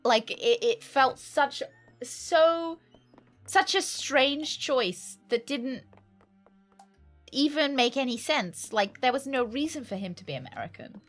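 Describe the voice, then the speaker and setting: A woman's voice: high-pitched, animated, slow, soft background music. A young woman with a British accent chatting playfully with her viewers while streaming a game. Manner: chatty, playful, teasing banter with chat. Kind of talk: casual let's-play chat.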